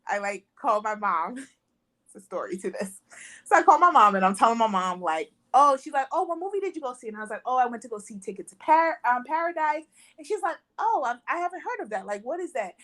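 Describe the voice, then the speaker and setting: A woman's voice: sits high, sing-song, brisk, bright, forceful tone. A woman co-hosting a casual movie review podcast, animatedly retelling scenes, acting out quotes and laughing often. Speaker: podcast co-host.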